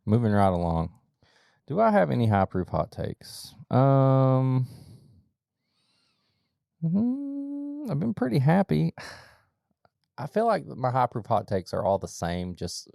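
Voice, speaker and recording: A man co-hosting a podcast in casual chat, rambling with lots of fillers and sudden animated bursts. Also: lowish voice, creaky, no room sound, clean studio sound. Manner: rambling, filler-heavy, jumps to animated outbursts. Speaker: podcast co-host.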